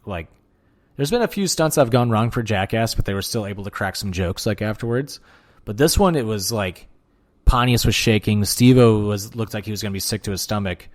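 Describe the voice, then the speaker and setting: Excitable, swearing male podcast host. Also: on the low side, a little fast. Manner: excitable, swears a lot, many fillers. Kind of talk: casual solo podcast monologue.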